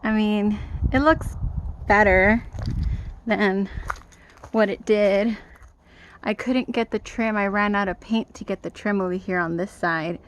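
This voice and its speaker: A woman speaks slowly into a handheld camera outdoors, frank and exasperated, cursing freely about yard work. Her pitch sits mid-range. Faint wind and outdoor noise hiss behind her. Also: steady tone. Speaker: vlogger. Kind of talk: casual vlog monologue. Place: outdoors at a rural home, in the yard.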